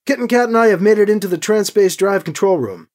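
Alibi, the reader doing a firm, steady male leader. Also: medium pitch, fast, lightly acted. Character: steady male fighter leader, calm and dry.

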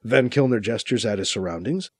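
A man narrating a science fiction audiobook in an expressive, plain manner. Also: mid-range voice, fairly quick, husky, no room sound, studio quality.

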